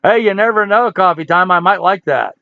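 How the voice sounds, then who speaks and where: A man's voice: high-pitched, brisk, no echo, phone-quality sound. A man in his sixties hosting a casual livestream, reading viewer comments and answering in a folksy, joking, chatty way. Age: 60s. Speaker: livestream host.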